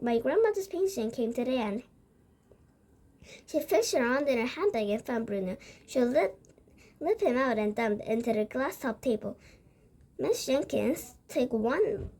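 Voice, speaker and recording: A woman reading a storybook aloud in a high, animated voice. She stumbles now and then and restarts words as she goes. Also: creaky, slightly rough. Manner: halting reading with frequent restarts.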